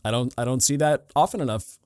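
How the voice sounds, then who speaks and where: A man's voice: mid-range voice, fast talker, darkish tone, clear, resonant tone, no room sound, studio quality. A man co-hosting a podcast, chatting casually about a film with many fillers and restarts. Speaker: podcast co-host. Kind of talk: casual film review chat.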